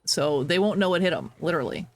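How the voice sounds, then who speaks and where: A game streamer in casual live chatter, voice swinging up and down a lot in pitch. Giggles break in often, with quick apologies and running reactions to the game. Mid-pitched and animated throughout. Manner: talks to chat, reacting to the game.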